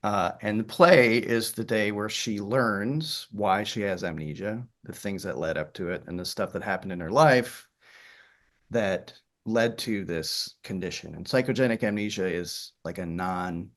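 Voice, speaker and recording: A man's voice: fairly low pitch, a little slow, fairly bright tone. A middle-aged man from Michigan's Upper Peninsula with a faint Yooper accent, a theater director telling stories in an interview, chatty with many fillers and restarts. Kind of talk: interview conversation.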